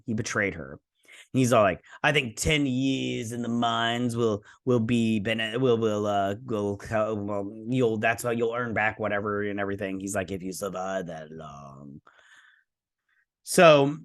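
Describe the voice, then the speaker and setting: A man's voice: medium pitch, measured pace, a bit bright. A man from Michigan casually recapping and reviewing a TV episode as host, rambling through the plot with loose retellings and frequent restarts. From Michigan, USA.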